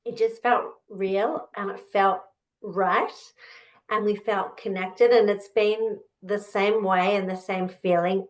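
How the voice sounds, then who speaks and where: This is emotional storytelling from a podcast guest who works as an author and entrepreneur. She talks slowly in a medium-pitched voice with fairly even intonation, rambling from the heart and sometimes getting choked up.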